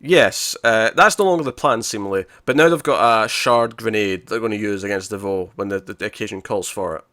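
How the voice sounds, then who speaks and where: A man's voice: lowish voice, brisk, pushed and bright, no room sound, studio quality. A man hosting a podcast, chatting casually and animatedly as he recaps TV episodes, laughing often. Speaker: podcast host.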